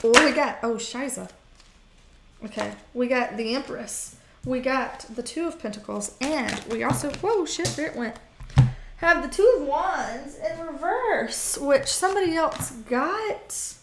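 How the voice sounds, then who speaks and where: A woman gives a casual tarot reading for the zodiac signs, chatty and blunt, full of fillers, swearing and laughs. Her voice sits on the higher side, and the room around her is echoey. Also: animated, a little slow, slight background noise. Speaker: tarot reader.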